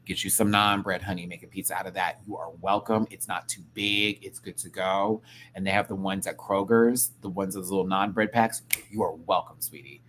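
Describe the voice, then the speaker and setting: A man's voice: deep voice, fairly quick, a little hiss or hum. A man hosting a live stream, chatting casually and campily, reading the chat and mimicking people. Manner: animated and campy, mimics people, reads chat aloud. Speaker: live-stream show host.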